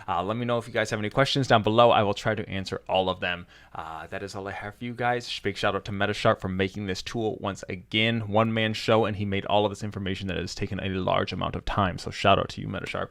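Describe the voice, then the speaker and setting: Chatty man, low voice. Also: level tone, fast, gravelly, few pauses, a bit bright, no echo. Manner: chatty, loose, many fillers; mock infomercial hype in bursts. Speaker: gaming content creator. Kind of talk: casual screen-share walkthrough.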